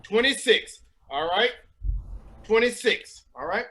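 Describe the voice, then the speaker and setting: A man on a video call, talking like a showman and giving slow, step-by-step instructions for a trick. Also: high-pitched, lively intonation, pushed and bright. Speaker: family member. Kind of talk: casual family chat.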